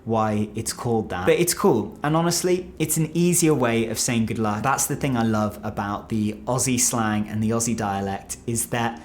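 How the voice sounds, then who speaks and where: A British man talking casually to camera, explaining words in a chatty, animated way with quick asides. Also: medium pitch, a little hiss or hum. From United Kingdom. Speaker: video creator explaining slang.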